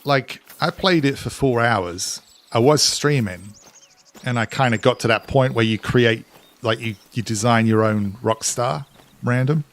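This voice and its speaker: Speaking in an unhurried, mid-range voice, a man from England with an English-Scottish accent mix plays a game live. He casually reads out viewers' chat messages and answers them as he goes.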